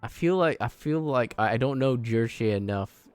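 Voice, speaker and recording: A man's voice: medium pitch, lively intonation, normal speed, clear, resonant tone, soft background music. A man live-streaming a game, chatting casually and rambling, laughing often and sounding flustered.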